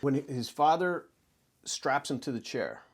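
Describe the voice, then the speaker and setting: A man's voice: mid-range voice, animated, measured pace. Enthusiastic man reviewing old films. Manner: enthusiastic, acts out scenes in quoted voices. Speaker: co-host. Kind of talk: casual film review chat.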